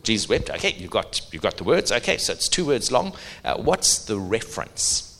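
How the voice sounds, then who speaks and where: A middle-aged man preaching a sermon, animated, asking the audience questions. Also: fairly low pitch, normal speed.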